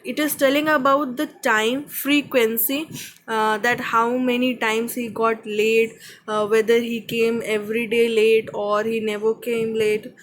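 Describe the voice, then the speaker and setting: A woman's voice: a little high, steady tone, measured pace, fairly bright tone, a little hiss or hum, rough recording. A woman teacher with an Indian English accent giving a grammar lesson, explaining patiently and checking with "okay?" after each point.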